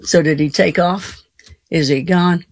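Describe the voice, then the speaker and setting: A woman's voice: fairly low pitch, steady tone, measured pace, breathy edge, dry recording. A woman hosting a late-night call-in radio show, chatty and folksy, laughing easily between callers. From Colorado. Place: radio studio.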